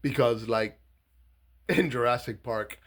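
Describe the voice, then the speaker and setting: Gravelly, blunt Cuban-born man. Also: slow. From Cuba. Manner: profane, blunt, swings between low asides and shouting. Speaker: political candidate. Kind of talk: impassioned political monologue.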